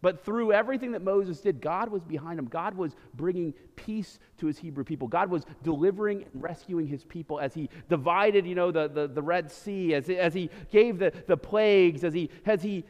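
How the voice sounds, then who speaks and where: A man preaching a sermon as pastor, animated, swinging from loud emphasis to quiet, low lines. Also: a little fast, hardly any pauses, lo-fi sound. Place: church sanctuary. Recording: reverberant church hall.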